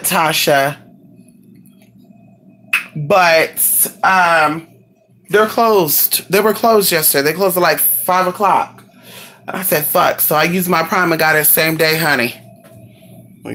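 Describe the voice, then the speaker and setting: A sassy, chatty woman with a lowish voice talks casually to her viewers. She is exclamatory and swears freely. A faint hiss sits behind her. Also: bright, forceful tone. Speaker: vlogger. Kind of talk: casual live chat to viewers.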